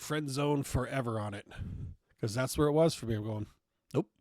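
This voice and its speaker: A man's voice: medium pitch, moderate pace, pauses often, no room sound, studio quality. A young man hosting a podcast, telling a personal story in a blunt, profane way and acting out the dialogue. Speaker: podcast host. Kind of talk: casual storytelling monologue.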